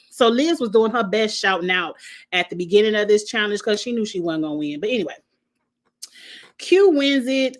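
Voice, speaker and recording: A woman's voice: mid-range voice, fast. Sassy blunt woman recapping a show. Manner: sassy, blunt, laughs at own jokes. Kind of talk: casual chat.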